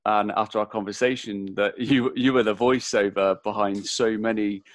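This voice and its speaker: A man's voice: on the low side, steady tone, no room sound. A man with an English accent, hosting a podcast interview, talking in a rambling way and restarting his sentences often. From England. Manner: rambling, halting, with many fillers and restarts. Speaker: podcast host. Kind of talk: casual interview chat.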